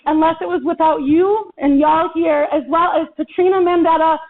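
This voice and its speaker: An impassioned woman organizer speaks to a town hall crowd in a very high voice, folksy and rousing. The sound is thin and tinny, like it came through a phone line. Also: steady tone, normal speed. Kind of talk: rally speech. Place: town hall meeting room.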